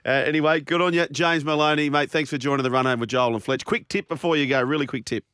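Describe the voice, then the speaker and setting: A man hosting a sports radio show, jokey and brisk. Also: a little high, steady tone, a bit bright, clean tone, no room sound, studio quality. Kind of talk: casual sports radio chat.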